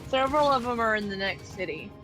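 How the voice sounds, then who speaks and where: Chatty girl, really high voice, quick comments over quiet game music. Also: animated, low-quality recording. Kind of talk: casual chat.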